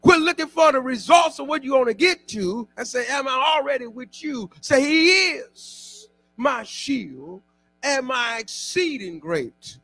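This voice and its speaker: Pastor, male, very high and gravelly, lively call-and-response preaching in church. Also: a little slow, faint music behind. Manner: exhorting call-and-response preaching, often shouting. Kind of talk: sermon.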